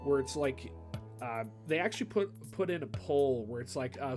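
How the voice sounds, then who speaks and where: A young man chatting loosely about a game, midrange in pitch and full of fillers and stumbling restarts. Steady music plays under his voice. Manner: rambling, many fillers and restarts, does quick impressions. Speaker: video host. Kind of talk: casual commentary chat. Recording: background music over the voice.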